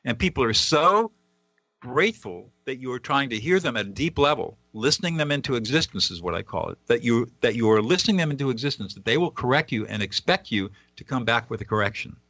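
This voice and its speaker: A man's voice: mid-range voice, expressive, fast, fairly bright tone, dry recording, highs cut off. A man, a guest author on a radio interview, explaining a method earnestly and at times acting out example dialogue.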